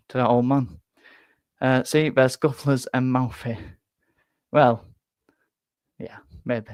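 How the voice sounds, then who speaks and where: A young man hosts a casual football fan live stream and answers viewer comments. He rambles and stumbles, often repeating words as he goes. His voice sits at an ordinary middle pitch, and the recording is dry and close. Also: no echo. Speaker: fan channel host.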